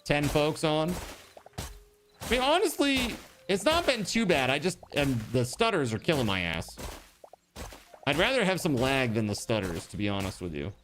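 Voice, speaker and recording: A man streaming a game live, chatting casually with his viewers and thinking out loud. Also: fairly high pitch, very animated, normal speed, faint music behind. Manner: chatty, talks to chat, trails off and restarts. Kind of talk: casual live-stream chat while gaming.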